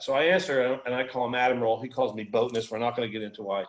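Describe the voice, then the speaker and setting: An American man telling a story in a loose, animated way, with casual slang and swearing. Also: medium pitch, quick pace, echoey room, poor audio. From United States. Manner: animated, informal, profane. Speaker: guest.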